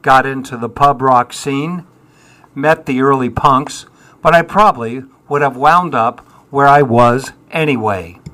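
A man's voice: medium pitch, measured pace, bright, forceful tone. A man, answering interview questions in a wry, self-deprecating way with dry humour. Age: 70s. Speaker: musician guest.

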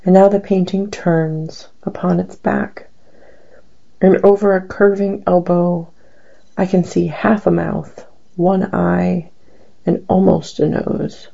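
A woman giving a poetry reading of her own poems, with a slow, deliberate and dramatic delivery. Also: fairly low pitch, level tone, vocal fry, mellow, breathy edge. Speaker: poet. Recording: dull lo-fi recording.

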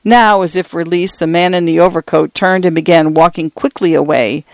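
High-voiced man narrating a tense story. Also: vocal fry, no room sound. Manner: measured, tense, dramatic reading. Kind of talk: audiobook narration of literary fiction.

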